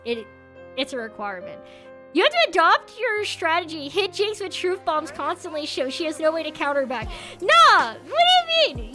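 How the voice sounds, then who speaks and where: High, lively young woman streamer. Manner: animated, yelling and laughing often. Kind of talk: casual chat with viewers.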